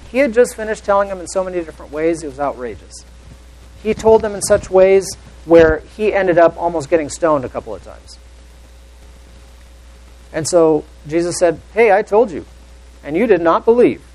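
In a rough recording, a man with a fairly high voice delivers a sermon, reading scripture in an earnest, questioning tone. He varies his volume a great deal, occasionally falling to a near whisper.

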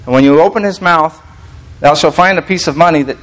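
A man's voice: fairly high pitch, fairly quick, a bit bright, rough recording. A man preaching a casual teaching sermon, reading scripture aloud and explaining it in a conversational, restarting manner.

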